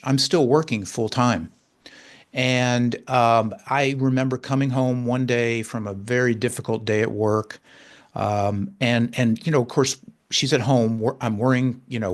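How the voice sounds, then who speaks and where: An earnest man in his sixties recounts a personal story as a guest, in a mid-pitched voice. He talks haltingly, restarting phrases and repeating words as he goes. Now and then his feeling breaks through as he laughs.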